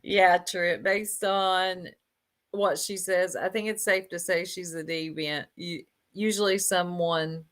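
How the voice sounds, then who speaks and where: A woman's voice: mid-range voice, a bit bright. A woman giving casual reaction commentary, blunt and sarcastic, laughing often and talking straight to her chat.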